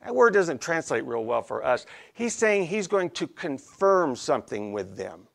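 A man's voice: fairly high pitch, big pitch swings, a little slow, creaky. A man preaching an expository sermon in a folksy, conversational way, often checking in with his listeners. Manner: folksy, conversational, frequent "okay?" check-ins.

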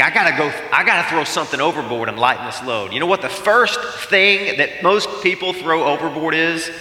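A man delivering a sermon in a slightly higher voice with a strong, forceful brightness. His storytelling is emphatic and animated, acting out the quotes. The sound rings out in a roomy hall with a long tail of reverb. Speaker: pastor.

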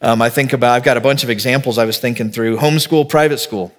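A man preaching a sermon as a pastor in a relaxed, conversational way, thinking aloud and acting out little bits of dialogue to make his point. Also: mid-range voice, fast talker.

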